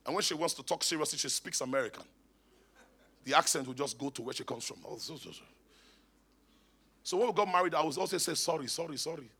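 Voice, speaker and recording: A man's voice: a little high, quick pace, sharp tone. A man, a bishop preaching emphatically in church and calling on the congregation to respond. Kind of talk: sermon. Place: church hall.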